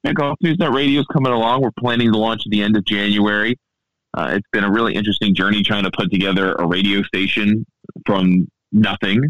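A man from the Baltimore area chatting casually on a podcast, relaxed and full of fillers and restarts. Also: on the low side, dry recording, dull audio. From Baltimore area, USA. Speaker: golf podcaster and radio station founder.

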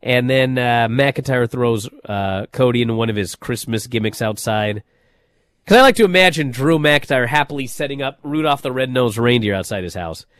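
A man hosting a casual wrestling chat, telling stories in an animated way with many fillers and restarts. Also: medium pitch, moderate pace, smooth, dry recording. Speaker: wrestling podcast host.

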